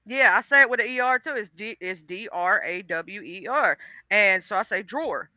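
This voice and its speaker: A woman from the Deep South with a Southern US accent, chatting on a talk stream in a folksy, teasing way. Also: expressive, bright, forceful tone, no echo. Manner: folksy, teasing, drawn-out explanations. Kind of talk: casual chat.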